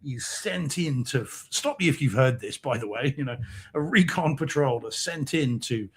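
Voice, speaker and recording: A man's voice: mid-range voice, expressive, moderate pace, fairly bright tone, slightly rough. A British man co-hosting a casual live-stream chat, rambling and hesitant with lots of ums, laughing often. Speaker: co-host. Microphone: remote video-call mic.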